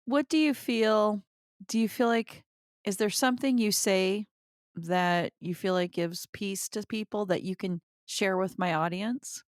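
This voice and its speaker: A woman hosting a podcast, asking an interview question in a soft, halting way. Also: medium pitch. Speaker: podcast host.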